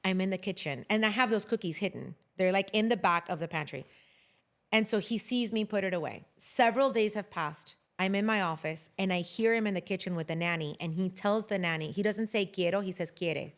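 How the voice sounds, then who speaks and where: A woman in her thirties chatting as a podcast guest, an animated storyteller who swears casually and drops Spanish words into her English. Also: medium pitch, brisk.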